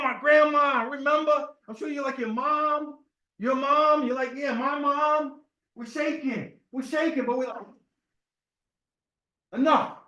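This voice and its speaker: Man, temple speaker, high voice, loose storytelling sermon, roomy hall sound. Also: fairly bright tone. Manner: conversational, storytelling, asks the room "right?". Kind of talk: informal sermon talk.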